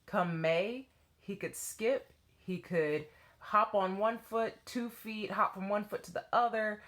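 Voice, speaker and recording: A woman, probably in her thirties, who taught dance to children, telling a personal story to camera in an animated way and acting out voices. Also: medium pitch, slow. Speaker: former children's dance teacher.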